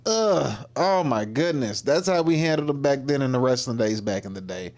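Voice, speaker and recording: Guy doing reaction commentary on his stream, rambly, mid-pitched, lots of ums. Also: sing-song, moderate pace, few pauses. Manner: rambling, with lots of fillers and restarts. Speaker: livestream host.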